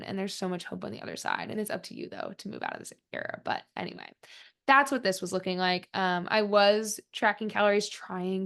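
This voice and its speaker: With a bright, forceful, medium-pitched voice, a young woman in her twenties hosts her own podcast. She rambles chattily, says "like" constantly, and reflects candidly on herself.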